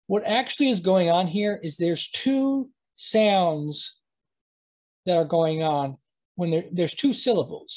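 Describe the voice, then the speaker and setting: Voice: medium pitch, darkish tone, rough recording. A teacher giving a live online lesson, talking at a computer mic while screen-sharing and often stopping to correct themselves. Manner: halting, self-correcting, thinks aloud.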